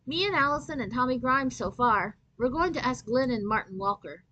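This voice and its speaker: An eager, chatty young girl from a storybook, pitched well up and quick with her questions, as a woman reading aloud puts her on. Her voice leaps high when she is excited. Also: no echo, muffled recording, heavily acted.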